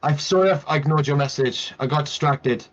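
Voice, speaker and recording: A laid-back man joins a live stream chat, laughing easily and throwing in plenty of "mate". His voice is a bit higher than most men's and comes through a slightly muffled, lo-fi mic, with faint music behind. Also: a little fast.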